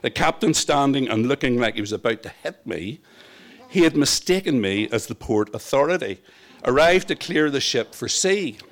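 A man's voice: medium pitch, expressive, moderate pace. A man from Northern Ireland reading his own memoir aloud in a wry, reflective storytelling manner. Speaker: narrator. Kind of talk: first-person memoir reading.

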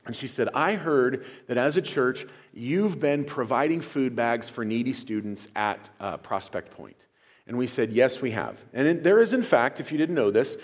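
A man preaching as pastor to his church, earnest and conversational, sharing announcements with enthusiasm. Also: medium pitch. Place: church sanctuary. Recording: long hall reverb.

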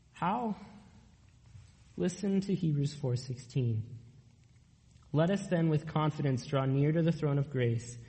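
A young man preaching a sermon, earnest and emphatic, drawing out key lines slowly. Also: mid-range voice, warm tone, long reverb tail, poor audio. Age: young adult.

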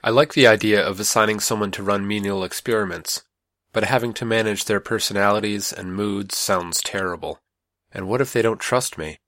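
A brisk, sharp-tongued woman scientist on Mars, as a male narrator puts her on, her voice nudged higher than his own deep narrating tone. She snaps off clipped, impatient retorts in an audiobook, recorded close and dry with no room sound. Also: dry recording, natural voice. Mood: curt, anxious. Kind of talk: audiobook character voice.

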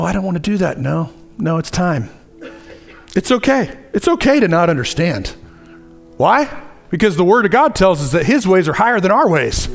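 A man preaching a sermon in a conversational, animated way, acting out little asides as he goes. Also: high voice.

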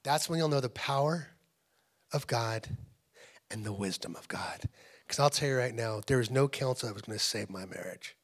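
A middle-aged man preaches in a husky, slightly breathy voice, his pitch sitting in the middle range. He tells his stories the way you'd talk to a friend and sometimes sinks to a hushed whisper for emphasis. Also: moderate pace. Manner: conversational storytelling, drops to a hushed whisper for emphasis. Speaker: pastor. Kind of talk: sermon. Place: church.

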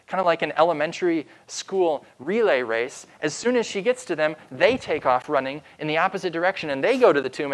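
A man preaching as pastor, retelling a story with dramatic pauses and slowing down for emphasis. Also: fairly high pitch, a bit bright. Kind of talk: sermon.

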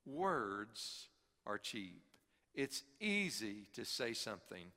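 A middle-aged man preaching a sermon as pastor, earnest, swinging from emphatic high peaks to quiet low drops. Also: very animated, slow pace. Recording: long hall reverb.

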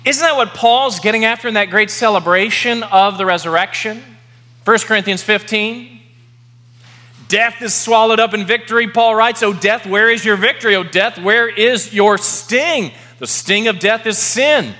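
A man preaching a sermon as pastor, emphatic, repeating key words slowly for effect. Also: sits high, sharp tone. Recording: long reverb of a large hall.

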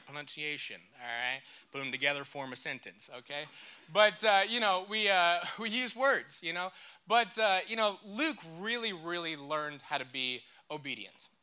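Young guy preaching, kinda high voice, loose and jokey, gets the church to repeat after him. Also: bright, forceful tone, smooth. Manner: joking, talkative, audience call-and-response. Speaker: church speaker. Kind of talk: casual sermon.

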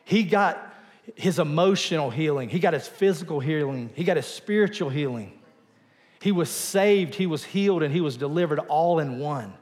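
A man's voice: a little high, expressive, moderate pace. Man preaching in a reverberant hall. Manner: conversational, rhetorical questions, drops to quiet emphasis. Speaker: pastor. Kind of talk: sermon.

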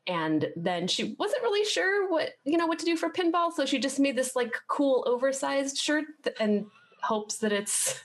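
A woman's voice: high-pitched, sing-song, normal speed. A woman player describing her character's plans in a casual, chatty way.

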